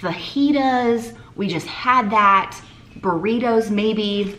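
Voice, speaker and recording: A woman's voice: medium pitch, takes it slowly, a bit bright. A mom hosting a casual cooking vlog from her home kitchen, chatty and jokey as she walks through family dinners.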